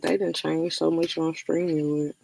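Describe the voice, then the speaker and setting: A woman's voice: low voice, flat delivery, measured pace, vocal fry, a little mellow, a little hiss or hum, poor audio. A woman hosting a casual livestream, greeting viewers by name, laughing often and swearing freely. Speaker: livestream host.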